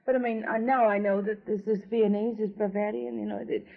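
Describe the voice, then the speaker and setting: A woman opera singer, a guest on a radio interview, telling lively anecdotes in a chatty way. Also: medium pitch, fairly quick, creaky. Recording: dull lo-fi 1970s radio recording.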